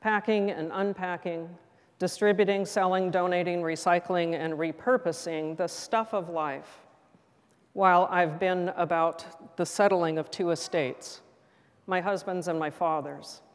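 A middle-aged woman pastor delivering a sermon in a gentle, reflective, measured way. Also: lowish voice, fairly even intonation, clear, resonant tone. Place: church sanctuary. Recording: long hall reverb.

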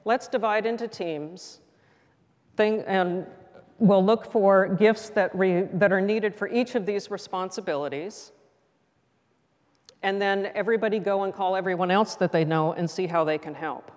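A woman's voice: mid-range voice, a little slow, a little mellow, in a large hall, lightly acted. A woman speaking as an imagined cartoon frog who organizes the others into teams. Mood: practical. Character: community of cartoon frogs, practical organizer.

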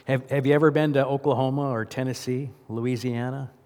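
A male pastor delivers a sermon in a church, loose and conversational, often asking the congregation questions. His mid-pitched voice carries a long reverb from the big sanctuary. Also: fairly even intonation, a little fast, dark tone.

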